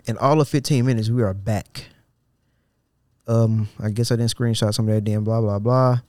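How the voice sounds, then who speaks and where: With a fairly low, dark, steady voice and a moderate pace, this podcast host reads out a social media thread in a loose, slangy style with frequent restarts. He repeatedly stops to mock the poster in sarcastic incredulity, recorded at studio quality with no room sound.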